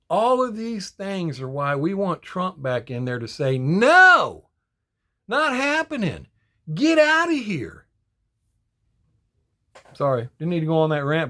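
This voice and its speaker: An older man speaks in a fairly high voice that leaps up and down. He talks straight to his viewers in a loose, heated rant. He sounds indignant and circles back on his own points. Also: a bit bright. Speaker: die-cast collecting vlogger. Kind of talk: casual ranting monologue.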